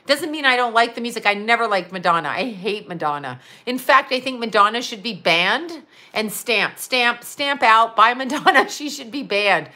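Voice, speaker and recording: A middle-aged woman ranting on a livestream, rambling, profane and animated as she talks straight to her viewers. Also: on the high side, normal speed, few pauses. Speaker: psychic medium and astrologer. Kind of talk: livestream rant.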